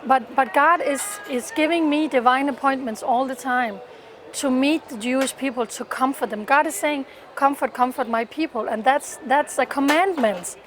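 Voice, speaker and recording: High-voiced fervent woman. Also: normal speed, faint music behind. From Denmark. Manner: fervent and earnest, with frequent restarts and repeated words. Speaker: interviewee, pro-Israel activist. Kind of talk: personal testimony in an interview.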